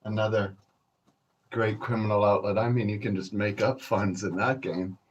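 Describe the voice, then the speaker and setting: A man's voice: on the low side, steady tone, normal speed, husky, dull audio. A man hosting a podcast, rambling through stories in a profane, laid-back way and chuckling as he calls his listeners folks. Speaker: podcast host. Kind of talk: rambling solo storytelling.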